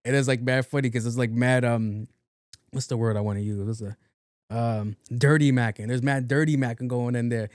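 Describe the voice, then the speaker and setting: A man's voice: mid-range voice, fairly even intonation, normal speed, darkish tone, dry recording, clean studio sound. A young man, hosting a casual solo podcast, talking loosely and profanely with lots of fillers. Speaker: podcast host.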